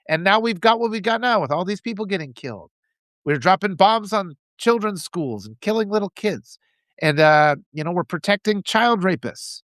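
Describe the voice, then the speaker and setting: A political commentator with a high, slightly bright voice delivers an impassioned monologue with no room sound. He rants and mimics his opponents in mocking voices.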